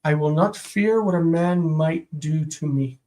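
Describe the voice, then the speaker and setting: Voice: mid-range voice, mellow, rough recording. A Biblical Hebrew teacher on a live-streamed homework review, translating phrase by phrase and correcting small slips along the way. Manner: slow, deliberate phrase-by-phrase translating with self-corrections.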